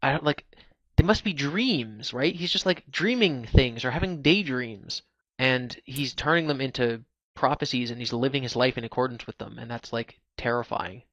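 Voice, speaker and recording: A man's voice: mid-range voice, normal speed, fairly bright tone, no echo. A man hosting a casual live stream, explaining at length with lots of "like"s and restarts. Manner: chatty, explains at length with many "like"s. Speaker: podcast host.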